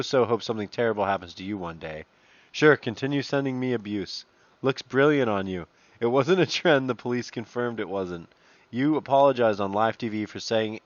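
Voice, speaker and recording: A man reads posts aloud in a casual commentary voice and breaks off into swearing and mockery. His pitch sits in a middle range. The sound is dull and slightly lo-fi, dry and close with no room echo. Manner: profane, mocking asides between read-out messages. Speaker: commentator reading online posts.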